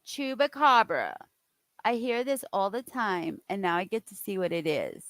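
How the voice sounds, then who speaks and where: A woman's voice: mid-range voice, big pitch swings, normal speed, fairly bright tone, no room sound. A woman chatting casually on a live stream, reacting aloud and laughing.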